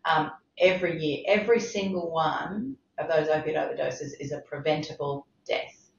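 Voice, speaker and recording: In this podcast interview, a middle-aged woman who works as a medical director talks at a moderate pace in a low voice with vocal fry. Her delivery is passionate and forceful, with repetition for emphasis, and the audio has a roomy, somewhat muffled quality.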